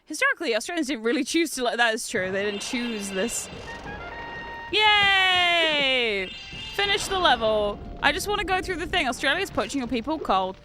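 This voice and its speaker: A woman's voice: sits high, big pitch swings, quick pace, few pauses, over music. A young woman with a New Zealand accent, chatting casually and swearing freely while streaming a game. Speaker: VTuber streamer. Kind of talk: casual gaming stream chat.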